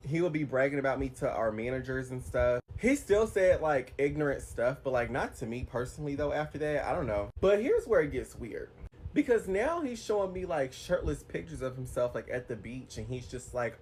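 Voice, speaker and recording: A man telling a personal story to camera in a casual, profane, animated way, swinging his voice up high when quoting himself. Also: brisk, slight background noise.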